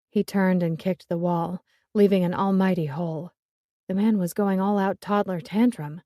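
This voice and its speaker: A woman's voice: fairly low pitch, steady tone, unhurried, warm tone, dry recording, clean studio sound. A woman narrating a romance audiobook in first person, in a wry, conversational manner.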